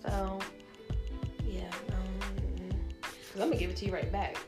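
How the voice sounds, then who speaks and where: A woman's voice: medium pitch, little pitch movement, unhurried. Woman, podcast co-host, playful banter, roomy echo, music playing behind. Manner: playful, laughs often, talks back. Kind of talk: casual chat. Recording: echoey room with music behind.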